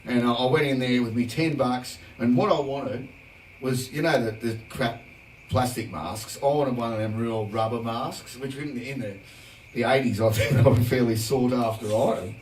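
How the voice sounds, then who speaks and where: A man's voice: medium pitch, moderate pace, far from the mic, slight background noise. An Australian man spins a rambling, chatty anecdote as he hosts a livestream, his voice set back from the mic in a roomy space. Guitar music faintly sits behind him. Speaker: band singer hosting a livestream. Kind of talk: casual storytelling chat.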